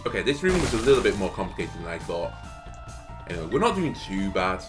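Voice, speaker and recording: A man's voice: sits low, very animated, fast talker, music in the background. A young man telling a rambling story, full of fillers, while he comments on his game. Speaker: gaming video host. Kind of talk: casual commentary while playing.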